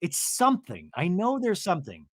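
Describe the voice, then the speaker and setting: A man hosting a podcast, recapping a reality TV episode and acting out the cast's lines in higher voices. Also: wildly swooping pitch, normal speed, no echo, clean studio sound. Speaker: podcast host.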